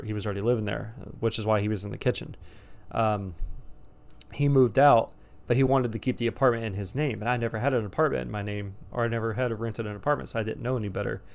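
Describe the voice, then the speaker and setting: A man's voice: on the low side, fairly even intonation, fast, creaky. A man around thirty telling a casual storytime story in a rambling, profane, laid-back way. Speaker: storyteller vlogger.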